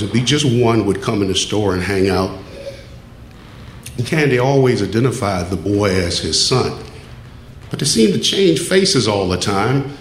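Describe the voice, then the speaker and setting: A man's voice: fairly low pitch, slight background noise. Man telling a personal story. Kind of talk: first-person storytelling on stage. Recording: echoey room with faint ambience.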